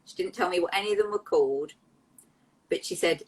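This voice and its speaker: A woman, an interview guest telling personal stories in a heartfelt, emotional, animated way. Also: on the low side, fairly quick, breathy edge, rough recording. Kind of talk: candid interview storytelling.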